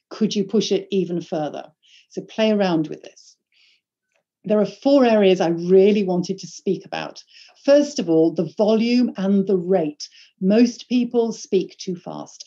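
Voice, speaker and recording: A woman leading an online workshop on presenting, giving instructions in a clear and emphatic way. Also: mid-range voice, warm tone, dull audio. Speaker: presentation skills trainer.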